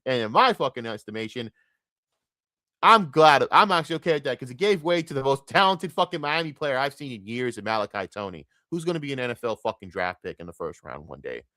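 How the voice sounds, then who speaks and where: A man hosting a podcast, delivering a heated, profane sports rant that swings between loud outbursts and low mutters. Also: sing-song, a little fast, no echo, studio quality. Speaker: podcast host.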